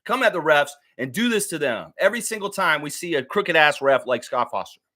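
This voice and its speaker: A male sports streamer on a heated, profane rant, hammering points home by saying them twice. His voice sits high and swings widely as he gets worked up, lively and restless from line to line. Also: a little fast. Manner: repeats lines for emphasis. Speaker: sports show host. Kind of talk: live-stream sports commentary.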